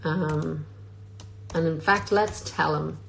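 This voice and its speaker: A woman's voice: low voice, steady tone, slow, creaky, fairly bright tone, a little hiss or hum, poor audio. A woman, an actress, chatting casually on a phone live stream from Scotland, reading fan questions aloud and answering with plenty of filler ums. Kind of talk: casual livestream Q&A. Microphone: phone on a social media live stream.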